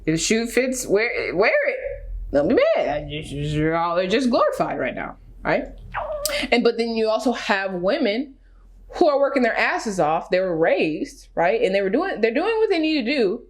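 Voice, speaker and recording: A woman vlogger giving casual reaction commentary, emphatic and animated, full of rhetorical questions. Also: fairly high pitch, normal speed.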